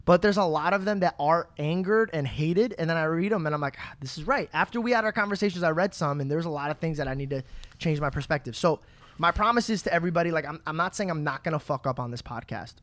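A passionate man co-hosting a podcast in casual chat, cursing freely and stumbling over his words when worked up. His voice sits a little high and the sound is dry and close. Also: quick pace, fairly bright tone, no echo. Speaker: podcast co-host.

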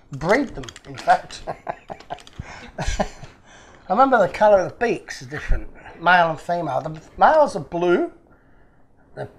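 This Australian YouTuber, who restores model cars, hosts his channel while unboxing toy models, chatting casually and rambling along with jokes at his own expense. His voice is fairly high, and there's slight background noise.

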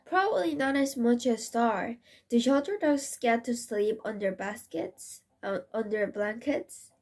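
A young woman reading a children's picture book aloud, expressive and with small slips that she corrects as she goes. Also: a little high, measured pace. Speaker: storybook reader.

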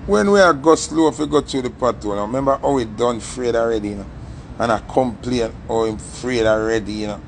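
A young man with a Jamaican accent telling a story in a casual, animated way and acting out the voices in it. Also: medium pitch, brisk, slight background noise. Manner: animated, acts out the story's voices, patois-heavy.

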